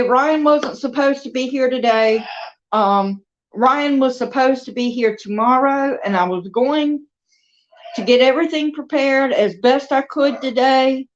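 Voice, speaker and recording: A woman with a fairly high voice chats slowly and easily to her viewers. She sits in her dining room at home and talks to her pets between thoughts. The recording sounds dull and lo-fi. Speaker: crafter and video host. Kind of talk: casual chat to viewers.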